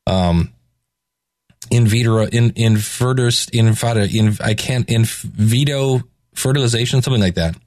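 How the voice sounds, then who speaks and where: A man's voice: mid-range voice, unhurried, a little mellow, no room sound, studio quality. A middle-aged man giving a casual Bible reflection, talking loosely with restarts and hesitations and retelling scripture in everyday speech. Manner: conversational, rambling with restarts and hesitations.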